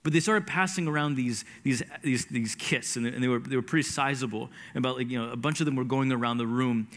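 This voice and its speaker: A man from New Jersey recounts a faith story in an earnest, halting manner. His voice sits at an ordinary middle pitch, and he often stumbles and restarts his sentences as he goes. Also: a bit bright. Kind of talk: personal storytelling sermon.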